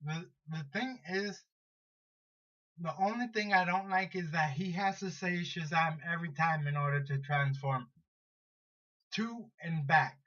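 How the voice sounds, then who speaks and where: A high-voiced man retells a superhero story at an unhurried pace, stumbling over restarts and fillers as he goes. The recording sounds dull and lo-fi. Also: bright, forceful tone. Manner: rambling, halting, many restarts and fillers. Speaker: vlogger counting down superheroes.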